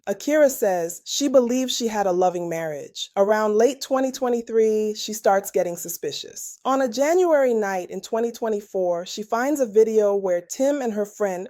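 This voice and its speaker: A woman's voice: mid-range voice, warm tone, dry recording, clean studio sound. A woman hosting a true-crime podcast, delivering scripted commentary with sassy, playful slang asides. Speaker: podcast host.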